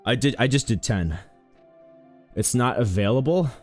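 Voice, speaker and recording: A man's voice: medium pitch, expressive, moderate pace, soft background music. A man streaming a game, chatting casually in a rambling, joking, self-mocking way. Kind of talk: casual live-stream commentary.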